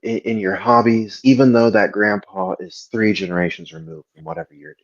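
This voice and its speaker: Playful, rambling player, husky voice. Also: sits low, fairly even intonation, a little fast, muffled recording. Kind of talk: casual tabletop game chat.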